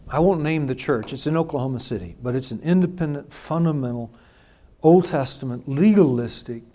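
A man's voice: mid-range voice, fairly quick, warm tone. A male pastor preaching a sermon, telling a personal story in an emphatic, conversational way.

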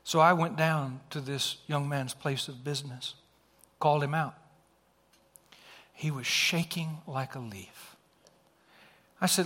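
A man's voice: a little high, measured pace, pauses often, fairly bright tone. A middle-aged male preacher telling a personal story in a sermon, earnest and acting out the dialogue. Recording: long hall reverb.

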